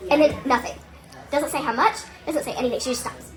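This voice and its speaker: A young woman telling a funny personal story and acting out the people in it with animated quoted voices. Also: high-pitched, quick pace, over music.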